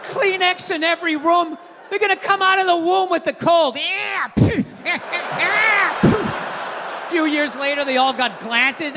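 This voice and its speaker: A stand-up comedian, a man, delivering a profane rant with shouted bursts. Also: extremely high pitch, unhurried. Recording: echoey hall, live crowd, background noise.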